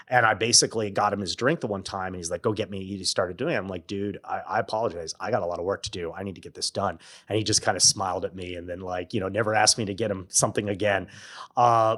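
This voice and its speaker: A middle-aged man, a podcast guest, telling stories in a relaxed conversational way and acting out other people's lines. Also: fairly low pitch. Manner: animated, quotes others in acted-out dialogue. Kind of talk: conversational storytelling.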